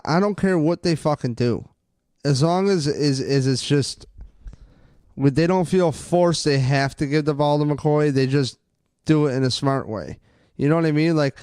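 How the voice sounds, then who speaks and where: A young man co-hosting a casual sports podcast, ranting excitably and swearing a lot. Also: medium pitch, clear, resonant tone, no echo, clean studio sound. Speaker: podcast co-host.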